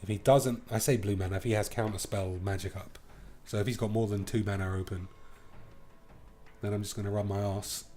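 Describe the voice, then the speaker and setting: A man's voice: on the low side, mellow. A man giving playful, crude running commentary on his card game as he plays, thinking aloud about each move. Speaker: gaming video host.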